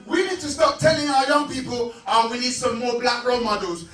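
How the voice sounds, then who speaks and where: A middle-aged man giving a rousing motivational speech and shouting calls out to the crowd. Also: extremely high pitch, a little fast, few pauses. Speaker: motivational speaker. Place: large hall with an audience. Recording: echoey hall from far off, with music and crowd.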